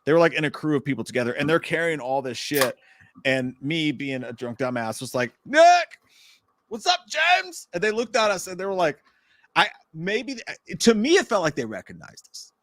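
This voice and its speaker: A man co-hosting a casual livestream, telling stories with lively, loud bursts of impressions. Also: a little high, a little fast. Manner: animated storytelling with loud shouted impressions. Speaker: podcast co-host.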